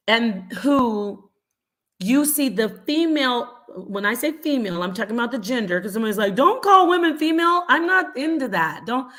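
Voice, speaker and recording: A middle-aged woman, a mother, hosting a live stream and answering chat comments with animated, repetitive explanations. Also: on the high side. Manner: animated, acts out quoted voices, repeats points.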